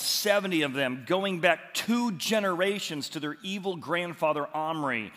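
A man preaching a sermon as the pastor, telling stories with lively, animated bursts of loud excitement. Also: on the high side. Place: church auditorium. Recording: long reverb of a large hall.

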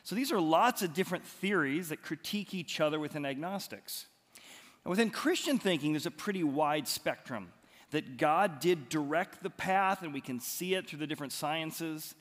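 A man's voice: on the high side, expressive, normal speed, fairly bright tone. A man, a pastor, giving a sermon in a conversational storytelling way with emphatic rises. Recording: long hall reverb.

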